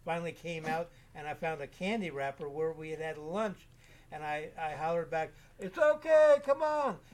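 A man in his seventies, an interview guest, telling rambling caving anecdotes in a relaxed, casual way with frequent restarts. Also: fairly high pitch, moderate pace. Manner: rambling, self-repeating anecdotes. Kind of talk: casual storytelling.

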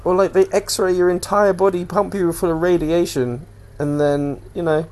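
A man's voice: high voice, fairly even intonation, normal speed, darkish tone. A young man hosting a casual solo podcast, rambling loosely between topics and swearing freely. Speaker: podcast host.

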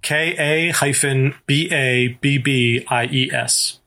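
A man co-hosting a casual book discussion, reading passages aloud and explaining them in a thoughtful, measured way. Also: mid-range voice, fairly even intonation, pushed and bright. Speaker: podcast co-host.

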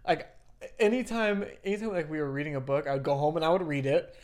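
A man's voice: on the high side, lively intonation, fast talker, darkish tone. Young male podcast co-host, candid and profane, casual storytelling. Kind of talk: casual chat.

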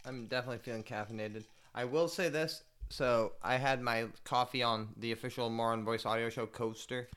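Man, podcast host, casual solo chat, profane, rambling, laid-back, middle pitch. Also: fairly even intonation, a little fast, hardly any pauses. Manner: laid-back, swings between mumbling and loud.

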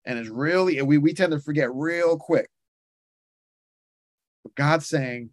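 A man's voice: a little high, unhurried, long pauses, dry recording, clean studio sound. A man preaching a sermon and leading a prayer, passionate, with rising and falling emphasis, speaking to his listeners as brothers and sisters.

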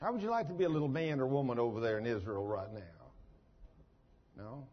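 Heard on a dull, lo-fi sermon recording, an older pastor speaks briskly at a medium pitch. He tells stories in a folksy way, using down-home turns of phrase.

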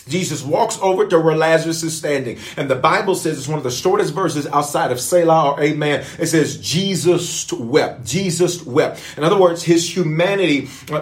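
A man with a fairly high voice leads a livestreamed prayer as a pastor. He preaches with fervor, stacking up repeated declarations. He keeps urging the viewers to type their replies. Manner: calls viewers to type responses. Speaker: pastor leading online prayer.

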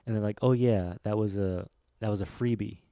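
A man's voice: lowish voice, steady tone, a little fast, dark tone, no room sound. A man hosting a casual comedy podcast, telling a long rambling joke with lots of restarts. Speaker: podcast host.

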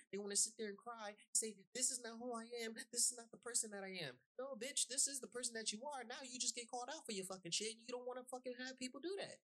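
A woman's voice: on the high side, fairly bright tone. Heated, foul-mouthed woman ranting. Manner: heated, blunt, heavy swearing, emphatic. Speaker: podcast host. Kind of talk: profane podcast rant.

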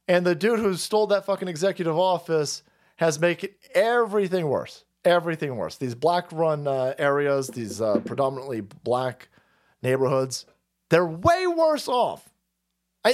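Man, livestream host, profane sarcastic rant, high voice, wildly swinging pitch. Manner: profane, sarcastic ranting with frequent laughs.

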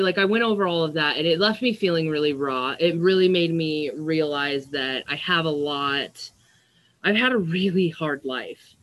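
A woman's voice: sits low, moderate pace, a bit bright. A young adult woman talking in a casual diary-style vlog monologue, rambling with lots of "like" and "um". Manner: rambling, with frequent "like" and "um" fillers. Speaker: vlogger.

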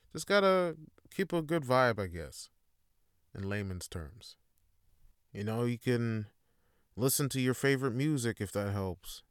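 A man's voice: fairly low pitch, smooth, dry recording, studio quality. A man hosting a solo podcast, talking in a rambling, laid-back way with a lot of swearing. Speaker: podcast host. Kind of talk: casual solo monologue.

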